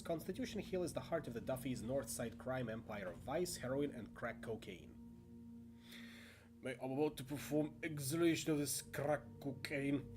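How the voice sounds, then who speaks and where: A man narrating a tabletop horror game as game master, with chatty asides and stumbles over names. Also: medium pitch. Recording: music playing under voice.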